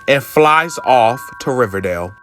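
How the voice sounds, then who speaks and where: A man's voice: medium pitch, expressive, a little slow, a bit bright, faint music behind. A man casually summarizing a comic book story, with campy, sassy asides and swearing.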